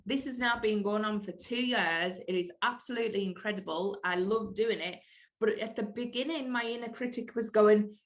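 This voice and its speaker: A woman's voice: medium pitch, moderate pace. A woman hosting her own podcast, speaking in an earnest, emphatic motivational monologue and repeating key phrases for weight. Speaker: podcast host.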